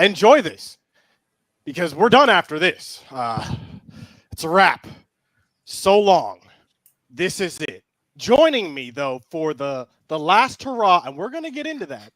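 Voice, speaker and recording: High-voiced upbeat man hosting. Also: a bit bright, dry recording. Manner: upbeat, announcer-like introductions. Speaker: host. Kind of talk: casual sports podcast chat.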